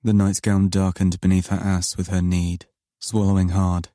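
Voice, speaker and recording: A man narrating an audiobook in first person, in a slow, low, intimate and brooding manner. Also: flat delivery, mellow, no room sound, clean studio sound.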